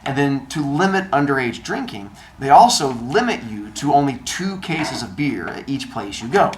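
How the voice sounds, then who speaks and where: Lively man telling a funny story. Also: medium pitch. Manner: animated, acts out dialogue with quick voice changes. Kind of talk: comedic personal storytelling.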